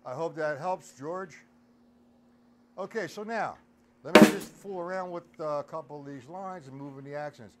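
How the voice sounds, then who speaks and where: A man's voice: mid-range voice, lively intonation, moderate pace, over loud music. A man teaching a live drum lesson, counting beats aloud and chatting with viewers in the stream chat. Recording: loud drum kit playing behind voice.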